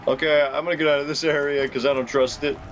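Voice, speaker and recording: A man casually commenting on his own video game play, excitable and chatty, laughing often. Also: fairly high pitch, fast, highs cut off, soft background music. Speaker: gaming YouTuber.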